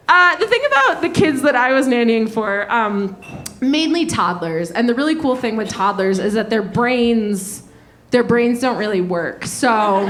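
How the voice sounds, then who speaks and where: A woman, performing a self-mocking stand-up comedy set in an animated way on a comedy club stage. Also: on the high side. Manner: animated, self-mocking, laughing through lines.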